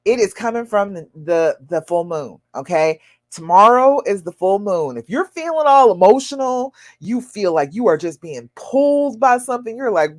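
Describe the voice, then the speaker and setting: A woman's voice: animated, normal speed, no echo. A woman hosting a live stream as a love coach, chatting casually, reading viewers' comments and laughing often. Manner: chatty, laughs often, swings pitch up when quoting viewers.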